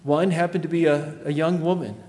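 Male pastor, slightly high voice, emphatic sermon delivery, church reverb. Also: moderate pace. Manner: emphatic preaching, swells loud then drops low.

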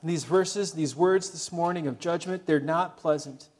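Earnest higher-voiced male preacher. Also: normal speed. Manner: earnest, urging, dropping soft on solemn points. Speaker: pastor. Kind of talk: sermon.

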